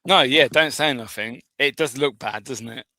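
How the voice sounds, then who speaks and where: Bright, dry-voiced man cracking jokes. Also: mid-range voice, no room sound. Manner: quick joking interjections, swears. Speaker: podcast co-host. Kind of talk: casual chat.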